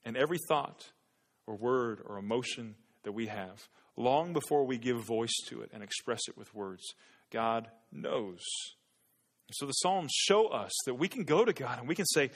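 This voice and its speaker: A man's voice: mid-range voice, animated, moderate pace. A male pastor preaching an earnest sermon to his church, often repeating words as he builds emphasis. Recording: long hall reverb.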